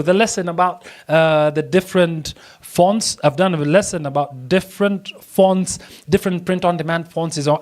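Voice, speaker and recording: A man teaching a design software lesson, chatty and excitable, laughing often as he works. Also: a little high. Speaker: design tutor. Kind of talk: screen-recorded software tutorial.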